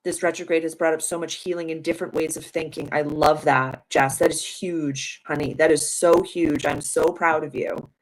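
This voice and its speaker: A woman's voice: low voice, level tone, moderate pace, hardly any pauses, poor audio. A young adult woman giving a casual live tarot reading, chatty and affirming with spiritual wording. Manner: chatty with many "like" fillers. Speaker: tarot reader and live-stream host.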